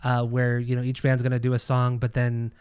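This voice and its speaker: A man's voice: medium pitch, completely flat delivery, a little fast, darkish tone, clear, resonant tone, dry recording. A man co-hosting a casual music podcast, talking in a blunt, opinionated way and swearing freely. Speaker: podcast co-host. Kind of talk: casual chat about music and records.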